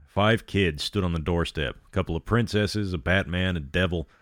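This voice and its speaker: A man's voice: low voice, normal speed, no echo, studio quality. A man narrating a horror story aloud, with sardonic asides between passages.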